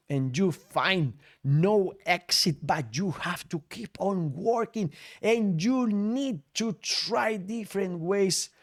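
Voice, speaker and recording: A man hosting a crypto news show, upbeat and jokey, with nonnative phrasing. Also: on the high side. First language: Spanish. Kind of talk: casual news commentary over clips.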